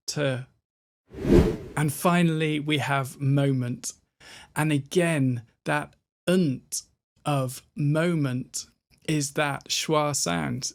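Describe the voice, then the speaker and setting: A British man gives a pronunciation lesson, shaping each sound slowly and deliberately. His voice is gravelly and low-key, and he takes his time. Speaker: pronunciation teacher.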